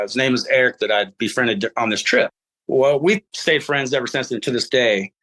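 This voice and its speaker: A middle-aged man telling a story in casual podcast talk, acting out his own past lines and laughing as he goes. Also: medium pitch. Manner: animated, acts out his own past dialogue; laughs while telling stories. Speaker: podcast guest.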